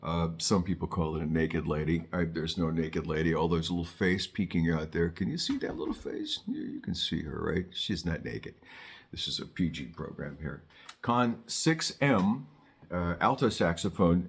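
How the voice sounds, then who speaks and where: An older man gives a relaxed saxophone lesson. His voice sits very low, and he talks in a chatty way, full of jokes and restarts. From Southern California. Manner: chatty, joking asides, frequent restarts. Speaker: saxophone teacher. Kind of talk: casual on-camera music lesson.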